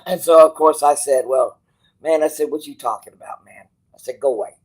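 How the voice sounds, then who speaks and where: On a rough recording, a male channel host with a fairly high, somewhat dark, breathy voice recounts a personal story at a moderate pace. His telling is casual and meandering, full of restarts, quoted dialogue, and free swearing.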